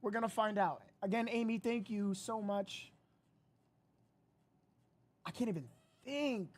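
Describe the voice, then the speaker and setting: Woman streamer ranting to chat, loud and fed up, regular pitch. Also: unhurried. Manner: frustrated, loud, swearing, rambling. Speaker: livestream host reacting to a live stream. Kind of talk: casual livestream chat.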